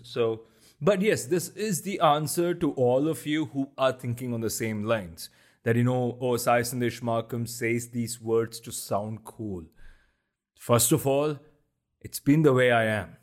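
A man with a deep voice hosting a solo podcast, ranting bluntly and swearing heavily for emphasis. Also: normal speed. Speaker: podcast host. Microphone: podcast mic.

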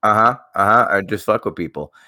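A man co-hosting a casual podcast chat, animated and swearing freely, often trailing off and restarting. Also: lowish voice, fairly quick, no room sound, studio quality. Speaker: podcast co-host.

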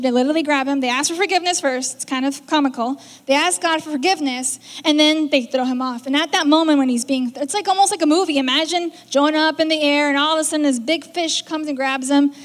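A woman preaching a sermon in a conversational way, acting out the lines she quotes. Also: high-pitched. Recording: reverberant hall.

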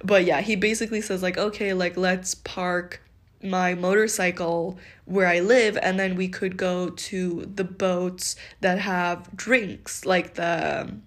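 A woman's voice: lowish voice, steady tone, slow. A woman in her twenties casually telling a dating story, chatty and full of fillers and laughs. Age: 20s.

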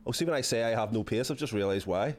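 A man's voice: medium pitch, quick pace, a little mellow. A young Northern Irish man chatting casually and swearing freely while playing a football video game. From Northern Ireland. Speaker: guest musician. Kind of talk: casual chat while gaming.

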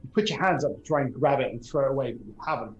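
A man's voice: medium pitch, muffled recording. Hesitant man narrating as game master. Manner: halting, many ums and restarts. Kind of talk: narrating a tabletop horror game.

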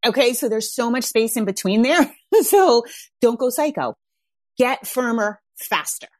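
A woman's voice: on the high side, animated, measured pace, darkish tone, no room sound. A woman parenting coach hosting a podcast in a casual monologue, speaking frankly and emphatically and swearing freely. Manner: acts out parents' voices when quoting them.

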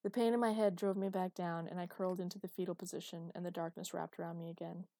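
A woman narrating a first-person romance audiobook with steady, intimate storytelling. Her voice is low-pitched and mellow rather than bright. The recording is close and dry, with no room sound. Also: quick pace, dry recording.

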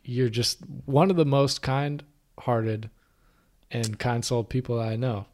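A man's voice: mid-range voice, fairly even intonation, slow, a little mellow. A man co-hosting a podcast, talking in an earnest, reflective way about life choices. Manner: earnest, reflective, many restarts. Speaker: podcast co-host. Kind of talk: casual conversation.

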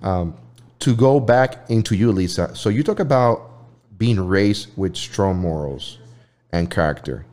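Brief: male host, lowish voice, rambling, hesitant casual talk. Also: animated, a little mellow. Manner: rambling, halting, lots of "you know".

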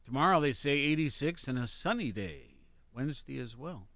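A man's voice: mid-range voice, expressive, moderate pace, a bit bright, no echo. Chatty male radio host, dry studio. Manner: chatty, reads weather and history notes with asides. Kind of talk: casual radio chat.

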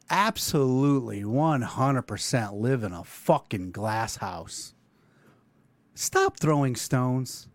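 A man's voice: medium pitch, takes it slowly, dry recording. A man hosting a casual talk show, ranting loosely with plenty of swearing. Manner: animated, swearing, rambling rant. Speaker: podcast host.

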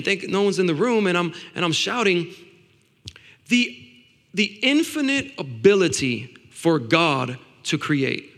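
Male preacher, high and bright, excitable, repeats himself, heard in a reverberant hall. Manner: excitable, repeats words, swings between loud and hushed. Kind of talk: sermon.

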